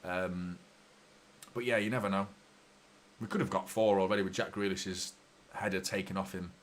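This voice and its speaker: A man hosting a live football watchalong, chatting casually and swearing freely, quickly heated and exasperated by mistakes. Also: sits low, steady tone. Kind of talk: live match commentary and chat.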